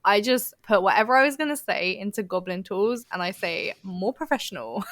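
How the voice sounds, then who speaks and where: A woman's voice: mid-range voice, animated, moderate pace, fairly bright tone, no echo. Laughing chatty woman co-host. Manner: chatty, laughing, mimics polite phone voice. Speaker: podcast co-host. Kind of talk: casual chat.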